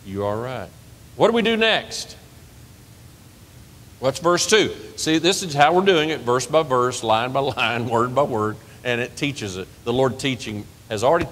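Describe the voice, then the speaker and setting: A pastor preaching in a lively, conversational way, drawing the congregation in with question after question. His voice carries the long ring of a big church hall, with a faint low rumble underneath. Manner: lively, talks with the congregation, asks questions and laughs. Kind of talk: sermon. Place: church sanctuary.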